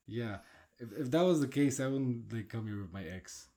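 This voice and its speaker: A man's voice: medium pitch, animated, a little slow. Laid-back Polish man in his thirties. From Poland. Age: 30s. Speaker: podcast co-host. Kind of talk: casual chat.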